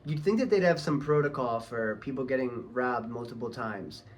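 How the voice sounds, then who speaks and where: A man's voice: medium pitch, normal speed. Man ranting angrily, swearing. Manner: profane, heated, ranting. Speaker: vlogger. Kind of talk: angry casual rant.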